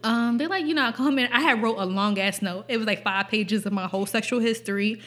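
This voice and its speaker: A woman's voice: medium pitch, brisk, a crowd in the background. A young woman hosting a podcast, telling a personal story in casual chat, blunt and profane and often laughing. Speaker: podcast host.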